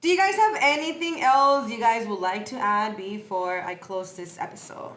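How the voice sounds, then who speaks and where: A woman co-hosting a casual podcast, telling stories in an animated, chatty way. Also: fairly high pitch, moderate pace, a little hiss or hum. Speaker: podcast co-host. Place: podcast studio at a cafe. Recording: roomy echo.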